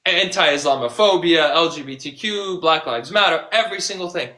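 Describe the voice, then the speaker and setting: A male activist with a bright, tense edge talks with biting sarcasm. He slips into other people's voices to quote them, mocking the arguments he keeps hearing. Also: a little high, moderate pace. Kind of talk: impassioned conversational storytelling.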